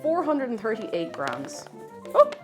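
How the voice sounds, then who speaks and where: A woman's voice: a little high, huge pitch swings, slow, music in the background. A woman streaming herself baking, chatting casually and greeting viewers by name. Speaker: baking livestreamer. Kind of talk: casual chat while baking.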